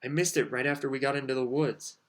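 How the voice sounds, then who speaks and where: A man's voice: mid-range voice, fairly even intonation, fast talker, close to an everyday voice. A man voicing a teenage boy who speaks plainly and directly. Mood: matter-of-fact.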